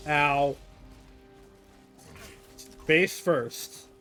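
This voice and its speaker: Slow-talking man streaming a game. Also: a little high, sharp tone, soft background music. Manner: joking, laughs at his own play. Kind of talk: live gameplay commentary.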